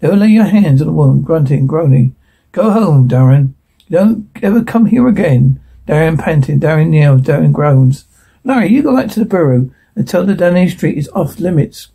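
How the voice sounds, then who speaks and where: Man, husky and gravelly, dark tone, reads every part and stage direction flatly. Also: a little high. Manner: flat, stumbling read-aloud with stage directions. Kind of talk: one voice reading all parts of a show transcript.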